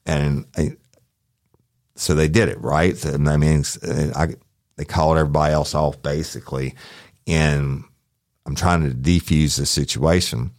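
Man, former deputy, folksy profane storyteller; deep voice, dry studio sound. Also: fairly even intonation, normal speed, a little mellow, no echo. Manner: casual, profane, folksy, addresses listeners as y'all. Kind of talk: true crime storytelling podcast.

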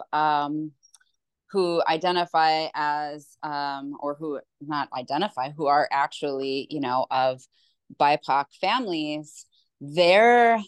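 Low, slow, emphatic woman. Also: clear, resonant tone, dry recording. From Hawaii. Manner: measured, pointed, emphatic. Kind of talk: documentary interview.

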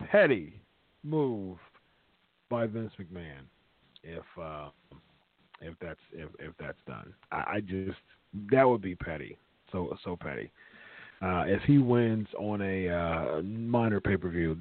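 A man's voice: medium pitch, no room sound. Guy hosting a live stream, rambly, tons of uhs, sounds like a phone line, super dry. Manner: rambling, filler-heavy, repeats himself. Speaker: wrestling talk show host reading live chat. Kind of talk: casual live-stream chat.

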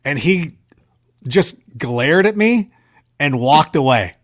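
A man casually telling stories on a podcast, animated and self-deprecating, filling his talk with "like" and "you know". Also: fairly high pitch, takes it slowly. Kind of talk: casual storytelling chat.

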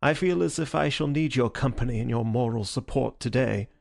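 Man doing a cool clever detective, dry and even, bit of fry in it, audiobook. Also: mid-range voice, dry recording, close to an everyday voice. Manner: measured, dry. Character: calm, sharp-minded male detective.

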